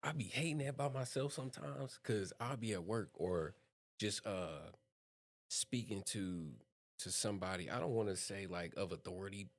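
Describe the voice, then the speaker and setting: A young man co-hosting a podcast, talking earnestly and thoughtfully in a relaxed chat. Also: on the low side, moderate pace. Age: young adult. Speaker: podcast co-host. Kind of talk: casual conversation.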